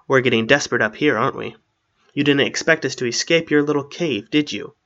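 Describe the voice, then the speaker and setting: A man's voice: mid-range voice, fairly quick, a bit bright, lo-fi sound, natural voice. A man reading a story aloud and voicing a cocky young rogue who talks in a smug, teasing way. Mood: mocking. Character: cocky young male rogue, smirking and wry.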